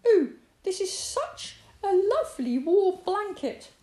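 A woman puts on a tiny, timid male hedgehog from a storybook, high and fluttery, his voice leaping up and down. It sounds out in a roomy, echoing space. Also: big pitch swings, takes it slowly, mellow, heavily acted. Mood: sleepy. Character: small worried male hedgehog, timid and gentle. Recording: roomy echo.

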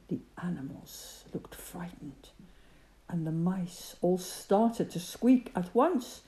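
Lady reading a bedtime story, slow and very sing-songy, mellow warm tone. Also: on the low side. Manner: expressive, sing-song.

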